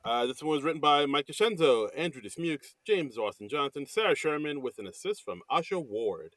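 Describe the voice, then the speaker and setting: A man co-hosting a podcast in casual chat, animated and quick to laugh. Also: a little high, no room sound. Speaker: podcast co-host.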